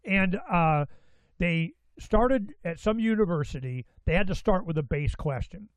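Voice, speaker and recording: A man hosting a talk show, rambling in an excitable way with many restarts and asides. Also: high voice, unhurried, dry recording, poor audio. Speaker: radio show host. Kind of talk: casual talk-show monologue.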